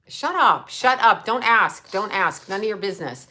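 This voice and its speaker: Speaking a little slowly in an expressive, sharp-toned mid-range voice, an older psychic hosts her livestream. She fields viewer questions with blunt, profane answers and thanks people for their super chats.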